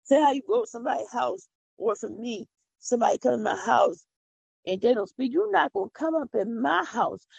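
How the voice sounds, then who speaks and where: Woman podcast host, gravelly and husky; fervent devotional preaching, dry close sound. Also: fairly high pitch, lively intonation, a little fast, a little mellow, dry recording. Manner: fervent, folksy, repeats words for emphasis. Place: home.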